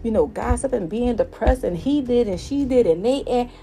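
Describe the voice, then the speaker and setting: A woman's voice: on the high side, expressive, moderate pace, gravelly, warm tone, faint music behind, poor audio. A woman telling a heartfelt personal story in a casual, earnest way, livening up when she quotes other people.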